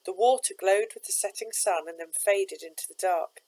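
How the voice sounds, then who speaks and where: A woman, a teacher, reading a children's novel aloud with steady, expressive narration. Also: medium pitch, normal speed, poor audio.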